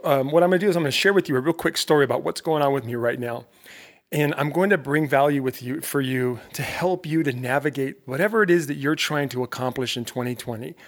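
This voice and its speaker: A man hosting a motivational podcast, talking in an energetic, emphatic, conversational way with lots of rhetorical questions. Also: a little high. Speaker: podcast host.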